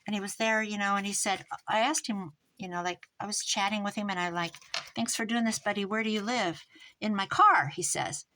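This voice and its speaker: A middle-aged American woman telling a long story in casual chat, rambling and animated, with restarts and quoted dialogue. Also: medium pitch, a little fast, low-quality recording. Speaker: crafting vlogger.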